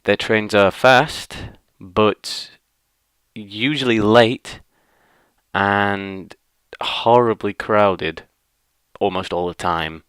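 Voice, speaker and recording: Man, vlog rant, low smooth voice, dry close mic, rambling and fed up. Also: extremely slow, fairly bright tone, no room sound. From northwest England. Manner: grumbling and exasperated, rambling with many fillers. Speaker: vlogger. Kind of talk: casual ranting monologue.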